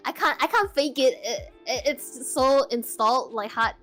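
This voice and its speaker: A woman's voice: high voice, moderate pace, a bit bright, soft background music. A young woman guest streamer with a non-native English accent, chatting in a bubbly, teasing, encouraging way. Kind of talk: casual chat.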